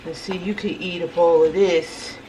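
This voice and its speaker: A woman's voice: fairly low pitch, fairly even intonation, normal speed, slight background noise, poor audio. A woman chatting casually to viewers while she cooks in her home kitchen. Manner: chatty, talks straight to viewers. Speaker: vlogger. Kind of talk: casual cooking vlog chat. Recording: home video with loud music behind.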